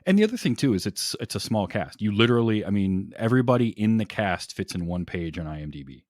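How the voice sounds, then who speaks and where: A low-pitched man talks excitedly about a film on a casual podcast. He laughs readily and restarts his sentences often, and the sound is dry and close with no room around it. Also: fast talker, no room sound. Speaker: podcast guest. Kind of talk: casual movie podcast chat.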